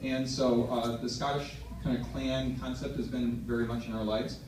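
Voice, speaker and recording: A man's voice: mid-range voice, level tone, moderate pace. A middle-aged man introducing a toast at a wedding reception, talking hesitantly with lots of fillers and restarts. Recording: echoey hall from far off, crowd noise.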